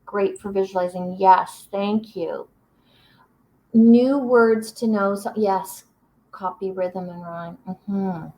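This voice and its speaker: A woman's voice: medium pitch, steady tone. A woman presenting a teaching webinar, reading short poems aloud and encouraging her viewers. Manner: warm, encouraging, reads poems slowly aloud.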